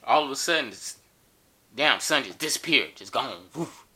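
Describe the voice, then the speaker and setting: A man's voice: medium pitch, expressive, normal speed, sharp tone, husky. A man telling a funny story in a casual, joking and profane way.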